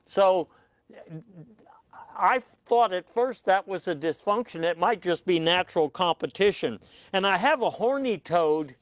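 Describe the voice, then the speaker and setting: A man hosting a comic news panel with a dry, deadpan delivery and hesitant fillers. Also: high-pitched, a little slow, no room sound. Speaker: comedy news host.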